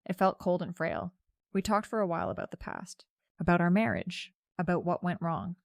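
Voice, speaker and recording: A woman narrating a scripted first-person story in a steady, reflective way. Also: lowish voice, normal speed, gravelly, dry recording, clean studio sound.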